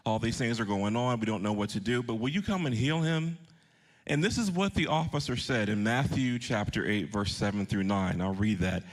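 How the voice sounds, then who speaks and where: A man's voice: lowish voice, lively intonation, moderate pace. Man, 30s, pastor, sermon, earnest, personal story, direct questions to listeners. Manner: earnest, shifting pace for emphasis.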